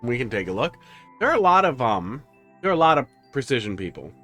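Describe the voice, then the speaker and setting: A man's voice: mid-range voice, very animated, quick pace, a bit bright, faint music behind. A man streaming live, chatting casually with his viewers and cooing to his pets.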